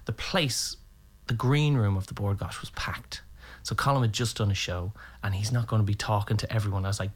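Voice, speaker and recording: Animated Irish man telling stories. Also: fairly low pitch, fast talker. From Ireland. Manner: animated, acts out voices in anecdotes. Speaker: guest. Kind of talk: casual storytelling chat.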